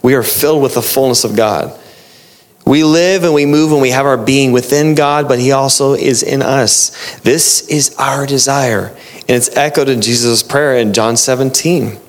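A man's voice: medium pitch, normal speed. Earnest man preaching a sermon. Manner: earnest, repeats phrases and restarts as he explains.

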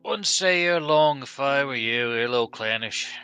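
A man voicing a gruff, drinking coachman who gives blunt, folksy warnings. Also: mid-range voice, expressive, normal speed, pushed and bright, faint music behind, pitched above the performer's own voice. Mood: wary.

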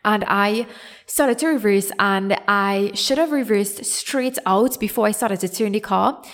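A young podcast host with a Trinidadian accent spins a story in a relaxed, highly animated way, teasing herself and imitating the people she quotes. Her voice sits in a normal middle pitch, with an unhurried pace and a fairly bright tone.

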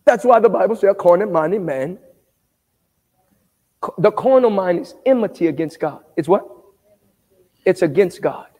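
A man with a notably high voice preaches a sermon in a church sanctuary, tossing questions out for the congregation to answer. He pushes up into shouted emphasis at times, and his words ring out with the long reverb of a large hall. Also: expressive, moderate pace, pauses often, dull audio. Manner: call-and-response preaching, asking the congregation to answer back. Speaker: pastor.

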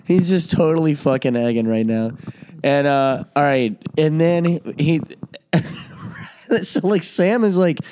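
A man hosting a podcast, telling a story to friends in a casual way, swearing and laughing often and jumping into loud, high voices when he quotes people. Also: takes it slowly, slight background noise. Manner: profane, laughing often while he tells the story. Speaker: podcast host.

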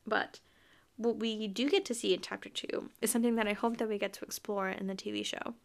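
A young woman hosting a casual book-recap podcast, excitable and gushing, with quick asides that sometimes drop to a whisper. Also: medium pitch, vocal fry. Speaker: podcast host.

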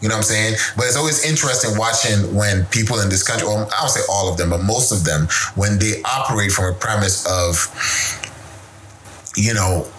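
A man co-hosting a podcast, telling stories in a loose, animated way and swearing freely. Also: on the low side, fairly quick. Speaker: podcast co-host. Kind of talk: casual chat. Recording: echoey room with faint noise.

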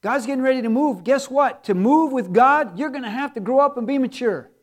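Middle-aged male pastor, high-pitched voice, preaches with mounting emphasis. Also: fairly quick. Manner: preachy, rising to loud and emphatic. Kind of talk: sermon. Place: church sanctuary.

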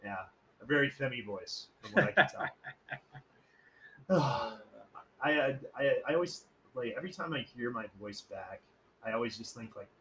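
A man's voice: medium pitch, animated, moderate pace, bright, forceful tone, slight background noise, poor audio. A man hosting a casual podcast, telling stories in a rambling, profane, joking way and acting out quoted voices. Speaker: podcast host.

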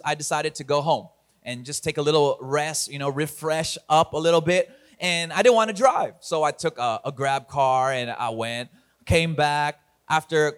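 A man preaching an online church sermon as pastor. He talks energetically to his viewers and often laughs at himself. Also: a little high.

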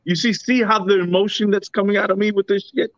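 A man's voice: high voice, steady tone, quick pace, no echo, dull audio. A man hosting a podcast in casual chat, blunt and profane as he runs through the topics. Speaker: podcast co-host.

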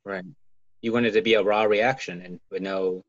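A man's voice: lowish voice, normal speed, vocal fry, highs cut off, a little hiss or hum. A man co-hosting a casual podcast, rambling and padding his talk with "you know.". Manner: rambling, heavy "you know" filler, laughs often. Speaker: podcast co-host.

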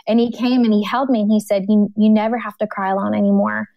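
A woman's voice: medium pitch, little pitch movement, fast, vocal fry, lo-fi sound. A woman guest on a podcast, telling personal stories in an earnest, heartfelt way. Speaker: podcast guest, ministry speaker. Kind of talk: casual interview chat.

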